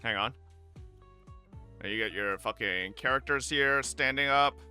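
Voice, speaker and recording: A man streaming live, ranting to his chat in an excitable, profane, animated way. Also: mid-range voice, measured pace, clear, resonant tone, soft background music. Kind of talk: livestream rant to chat.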